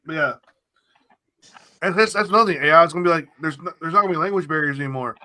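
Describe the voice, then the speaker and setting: Podcast co-host, man, fast and bright, loose and profane. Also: a little high. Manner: rambling, repeats phrases, swears freely. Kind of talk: casual podcast banter.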